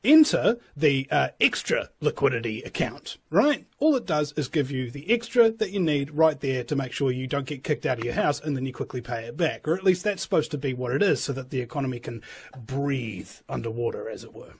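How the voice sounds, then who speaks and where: A man's voice: medium pitch, expressive, a little fast, husky. A male host in casual interview chat, joking and explaining things in plain terms.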